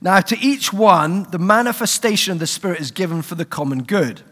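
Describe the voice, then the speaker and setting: A man's voice: high voice, a little fast, long reverb tail. A British man preaching a sermon, telling a personal story with humour. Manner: humorous, animated storyteller. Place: church.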